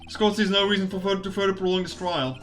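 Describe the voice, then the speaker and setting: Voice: mid-range voice, fairly even intonation, fast talker, fairly bright tone, faint music behind, close to an everyday voice. A streamer reading a stiff old courtroom judge. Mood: formal. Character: stern older male courtroom judge. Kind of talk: reading game dialogue aloud on a stream.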